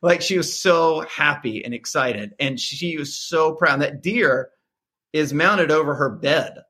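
A middle-aged man, a guest on a podcast, telling a family story in casual talk and acting out the voices in it. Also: measured pace. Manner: animated, acts out dialogue with sharp pitch jumps.

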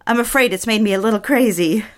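An actress playing a nervous young bride-to-be in an audio drama, speaking in a hesitant, self-conscious way. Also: female voice, medium pitch, quick pace, lightly acted. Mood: anxious. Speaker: lead character.

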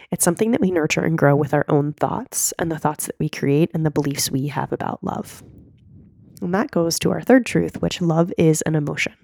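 A woman in her thirties hosting a solo podcast, coaching listeners in an earnest, direct way while hoarse from a cold. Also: deep voice, darkish tone, no room sound, clean studio sound. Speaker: podcast host and mindset coach.

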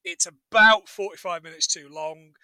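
On this low-quality, dry recording, a podcast co-host speaks at a moderate pace in a high, pushed, bright voice. He's recapping a film casually, wandering off on tangents, cracking jokes, and performing lines from the movie.

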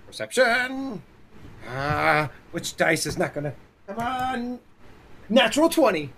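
A man's voice: high-pitched, very animated, takes it slowly, a bit bright, a little hiss or hum. A man playing a tabletop game, speaking hesitantly with many fillers. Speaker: player.

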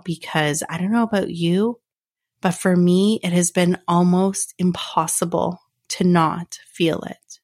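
A woman hosting her own podcast, talking in a heartfelt, earnest way with repeated phrases. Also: on the low side. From Canada. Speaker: podcast host. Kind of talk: personal podcast monologue.

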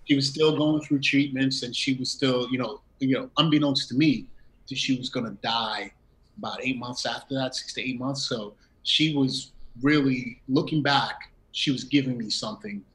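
A middle-aged man speaking as an interview guest at a middle pitch. He tells a personal story, jumping into the voices of the people he quotes, and breaks into laughs. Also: moderate pace, poor audio. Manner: animated, acts out quoted dialogue with laughs.

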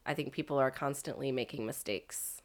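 A woman's voice: very deep voice, brisk. A woman in casual conversation, thoughtful and supportive, who laughs easily.

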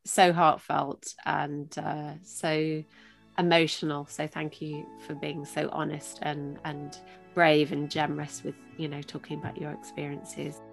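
A woman's voice: sits low, flat delivery, unhurried, creaky, soft background music. A woman hosting a podcast, speaking in a heartfelt, open and emotional way. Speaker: podcast host. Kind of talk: podcast interview.

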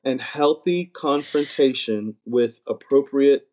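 A man's voice: medium pitch, slow, a little mellow. A man in casual conversation, talking earnestly and often repeating words as he starts a thought. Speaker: podcast guest, married minister. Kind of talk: casual chat.

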